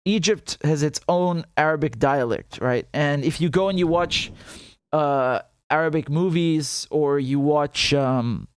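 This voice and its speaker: A man's voice: a little high, measured pace, clear, resonant tone, dry recording. A man hosting a casual livestream, talking loosely, laughing often and breaking into Arabic phrases. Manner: chatty, laughs often, mixes Arabic and English. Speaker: show host.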